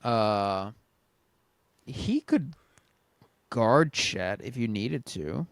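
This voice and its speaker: A man co-hosting a relaxed sports podcast, reading out listener questions and cracking jokes. His voice sits in a middle range and is recorded close and dry, with no room around it. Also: mid-range voice, extremely slow, no room sound. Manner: joking, reads listener questions aloud. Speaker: podcast co-host. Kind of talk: casual sports chat.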